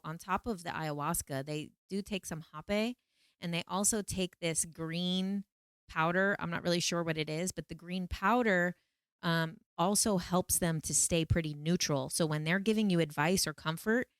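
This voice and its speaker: A woman vlogger telling a personal story to camera in a casual, animated, emphatic way. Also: lowish voice, clean tone, no room sound, studio quality. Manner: animated, emphatic, repeats phrases for effect.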